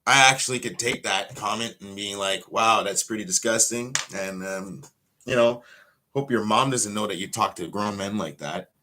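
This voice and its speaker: A man's voice: lowish voice, moderate pace, bright, forceful tone. A man, a pro wrestler ranting bluntly and profanely on a casual livestream.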